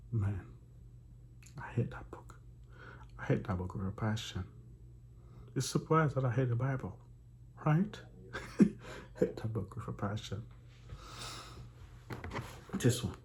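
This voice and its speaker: A man's voice: fairly low pitch, expressive, slow pace, long pauses, darkish tone, slight background noise. A man hosting a Bible study series, reading a book aloud and breaking off to mock the text with laughs and sighs. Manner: laughs and sighs between passages. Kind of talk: reading aloud with running commentary.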